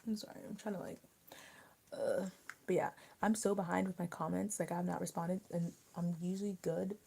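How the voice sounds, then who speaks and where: A young woman from Maryland hosting a live stream, chatting casually and answering viewer comments out loud while she eats. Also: fairly low pitch, flat delivery, normal speed, vocal fry, husky. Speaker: livestream host.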